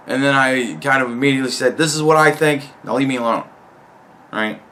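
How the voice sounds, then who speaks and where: A man's voice: a little high, a bit bright. A young man telling a long, rambling story about a coworker in a profane, exasperated way. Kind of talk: casual storytelling rant.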